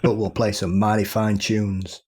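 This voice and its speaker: A man's voice: lowish voice, little pitch movement, unhurried, a little mellow, breathy edge. A man co-hosting a podcast, chatting casually and cracking dry jokes. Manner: dry, joking. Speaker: podcast co-host.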